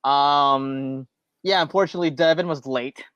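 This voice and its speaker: A man's voice: medium pitch, normal speed, a bit bright, no room sound, highs cut off. A man co-hosting a casual podcast, rambling through his points with frequent restarts. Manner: rambling, restarts often, many fillers. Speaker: podcast co-host. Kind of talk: casual show review chat.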